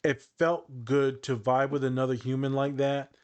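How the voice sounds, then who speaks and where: A man's voice: medium pitch, level tone, normal speed, a little mellow. A man hosting a casual podcast, teasing his co-hosts and explaining ideas in a counselor-like way. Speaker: podcast host.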